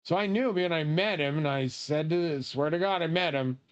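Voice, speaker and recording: Guy streaming a game, rambly and cussing, kinda high voice, muffled lo-fi sound. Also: normal speed, clean tone. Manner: rambling, profane, excitable outbursts. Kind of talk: casual rambling commentary while gaming.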